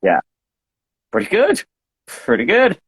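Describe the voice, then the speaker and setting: A man's voice: high-pitched, wildly swooping pitch, takes it slowly, a bit bright. A man chatting casually as a guest, telling playful, rambling stories while suffering from hay fever. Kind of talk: casual chat.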